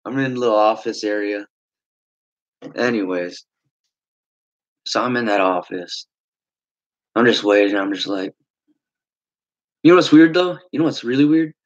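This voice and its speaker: A young man telling a long story in a casual, rambling way, swearing often and filling pauses with "like" and "uh". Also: on the low side, muffled recording. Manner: rambling, swearing, frequent fillers.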